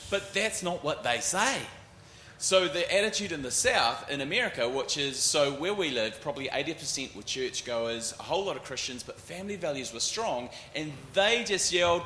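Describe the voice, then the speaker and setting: A man in his forties with a New Zealand accent, telling animated stories as a panelist and acting out other people's voices. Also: sits high, normal speed, reverberant. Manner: animated, acts out voices in anecdotes. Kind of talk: storytelling panel talk.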